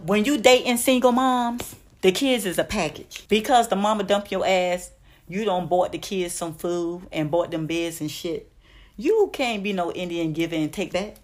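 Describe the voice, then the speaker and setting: A woman's voice: lowish voice, darkish tone. A woman giving blunt, profane relationship advice in a casual vlog rant, calling her listeners "honey". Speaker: advice vlogger.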